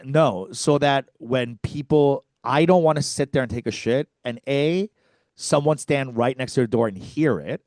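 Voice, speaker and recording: A man's voice: medium pitch, moderate pace, no room sound, studio quality. A man co-hosting a comedy podcast, telling a story with lots of swearing and acted-out quotes. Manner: animated, profane, acts out quotes.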